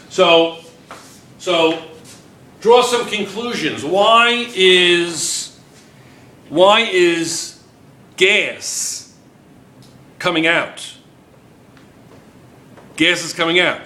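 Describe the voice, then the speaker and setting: A man's voice: fairly high pitch, animated, slow pace, pauses often, sharp tone, reverberant, a little hiss or hum. A male chemistry teacher lecturing a classroom, firing questions at students and repeating key points.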